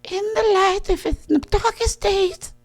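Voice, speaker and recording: Male spirit guide, very high falsetto-like pitch, slow, solemn, prophetic. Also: soft background music. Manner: solemn, drawn-out prophetic intoning. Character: lofty male spirit guide speaking through a medium.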